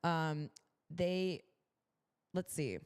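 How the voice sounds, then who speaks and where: A young woman co-hosts a casual livestream and chats in a bubbly, upbeat way. Her voice sits a little low for a woman. She talks loosely and leans on a lot of filler words. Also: drawn-out words, a little mellow, smooth. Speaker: podcast co-host.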